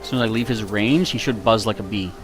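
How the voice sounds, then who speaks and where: A man's voice: on the low side, fast talker, over music. A man streaming a video game live, chatting casually with viewers in a self-mocking way, with a slightly nasal voice. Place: warm room indoors.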